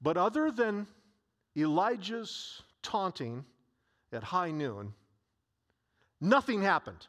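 A male pastor preaching a sermon, telling a story in an animated way with frequent restarts. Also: high-pitched, slow pace, long pauses.

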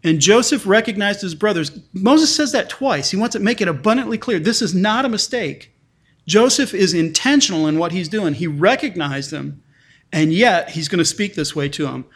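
A man's voice: sits high, lively intonation, moderate pace, a bit bright, slightly rough. A male pastor preaching a sermon in a conversational way, often restarting and repeating words, and reading scripture passages aloud with lifted emphasis.

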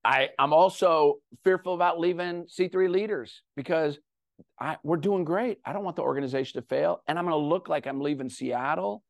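A middle-aged man giving a talk to an audience, telling a personal story with animated, self-deprecating humor. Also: fairly high pitch, moderate pace, vocal fry, dry recording, studio quality. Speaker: guest speaker.

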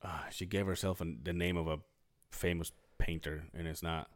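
A man's voice: low-pitched, fairly even intonation, normal speed. A male podcast host telling a rambling, profane story in casual chat, acting out what people said and correcting himself as he goes.

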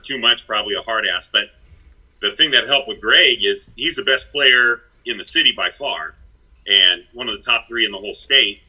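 A man's voice: medium pitch, sharp tone, husky, rough recording. A middle-aged man, a former basketball head coach, telling stories in a blunt, self-deprecating way. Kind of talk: casual chat.

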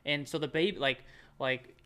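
A man telling a long story as a podcast guest, animated, cursing often and restarting his sentences. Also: medium pitch, moderate pace, clean tone. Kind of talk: casual storytelling chat.

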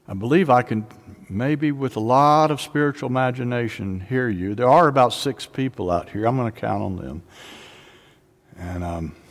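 Male pastor with a mid-range voice, preaches with rising repeated refrains, recorded in a reverberant hall. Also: medium pitch. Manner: builds to rising call-and-response preaching. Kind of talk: sermon. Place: near-empty sanctuary preaching to a camera.

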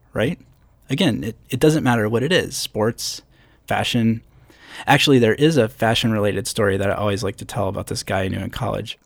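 With a lowish voice and some vocal fry, a man in his thirties from upstate New York hosts a solo podcast from a hotel room. He speaks into a podcast mic with a pop screen, conversational and self-deprecating in his asides, and there's no echo.

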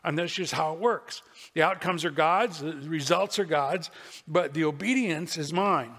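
Man, pastor, sermon, folksy storytelling, fairly high voice, long church reverb. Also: moderate pace, a bit bright. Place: church sanctuary.

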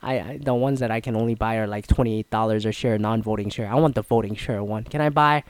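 A Canadian man tells a rambling story casually and quickly, swearing often, restarting sentences and using lots of fillers. He mimics other people in higher, louder voices; his voice is smooth and there's no room sound.

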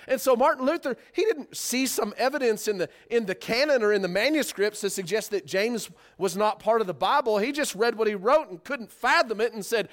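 Guy preaching a sermon, kinda high voice, lots of rhetorical questions. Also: a little fast, hardly any pauses. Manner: animated Bible teaching, rhetorical questions.

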